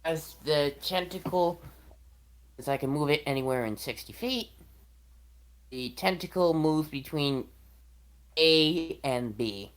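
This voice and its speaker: A woman's voice: low-pitched, slow pace, long pauses. A woman playing a warlock in a tabletop game, matter-of-fact as she explains her moves. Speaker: player. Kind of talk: tabletop game play on a stream.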